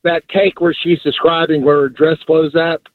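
A man calling in to a sports radio show, rambling and halting with many fillers. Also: fairly high pitch, level tone, no echo. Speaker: caller. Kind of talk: phone-in chat. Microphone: telephone. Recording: dry tinny phone line.

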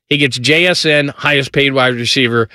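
A middle-aged man hosting a sports talk show, giving energetic casual commentary and rattling off lists of player names. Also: mid-range voice, moderate pace, dry recording, clean studio sound.

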